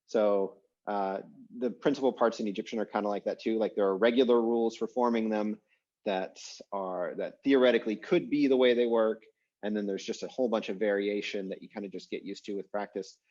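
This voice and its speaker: A man with a fairly low voice leads an online class and talks through the material casually, with plenty of "um"s and "uh"s. His voice comes through a dull, lo-fi video-call microphone. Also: brisk. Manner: relaxed, chatty explaining with many fillers. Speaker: online language teacher.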